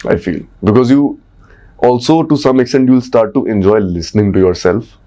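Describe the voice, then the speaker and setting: A communication coach with an Indian English accent talks about speaking and voice in a podcast conversation, often checking in with "right?". His voice is mid-range and mellow, at a normal speed.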